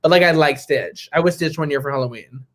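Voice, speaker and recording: Playful, joking man on a podcast. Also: on the high side. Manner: playful, jokey, quick to tease. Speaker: podcast co-host. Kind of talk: casual chat.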